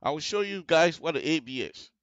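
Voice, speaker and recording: A man's voice: on the high side, expressive, fairly quick, fairly bright tone, dry recording, lo-fi sound. Man explaining road design step by step. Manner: explanatory, repeats checks like "you see the difference?". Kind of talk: on-air technical tutorial. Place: radio studio.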